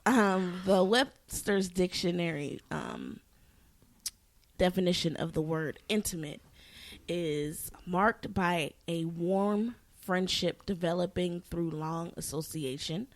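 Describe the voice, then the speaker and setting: Earnest woman co-host with a lowish voice. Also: slow. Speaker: podcast co-host. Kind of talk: casual faith podcast chat.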